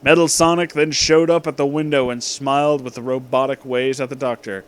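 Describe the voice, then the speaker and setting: A man narrating a comedic fan story aloud in a mock-dramatic, deadpan way. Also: mid-range voice, a little fast, clear, resonant tone. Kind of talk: comedic fan-fiction reading.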